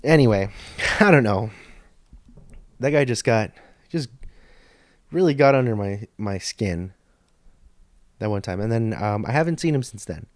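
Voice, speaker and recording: A man's voice: fairly low pitch, lively intonation, unhurried, pauses often, no room sound. A man hosting a podcast, telling a story in a rambling, profane, stop-start way into a studio microphone. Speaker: podcast host. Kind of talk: casual storytelling monologue.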